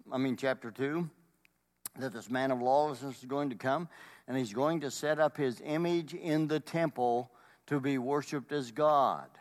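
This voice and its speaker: A male pastor delivers a sermon in an emphatic tone. His voice sits in an ordinary middle range. He pushes his points with rhetorical questions and often repeats words. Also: medium pitch.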